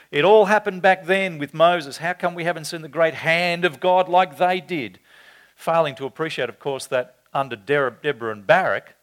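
Dramatic male preacher, lively delivery. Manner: expository, with dramatic quoted readings of scripture; pitch and volume jump high when voicing quotes. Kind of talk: sermon.

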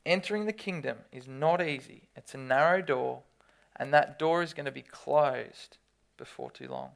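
A preacher giving a sermon, reading scripture aloud and breaking into lively, dramatic storytelling with loud bursts. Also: mid-range voice, moderate pace, creaky. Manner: reads scripture aloud between explanations.

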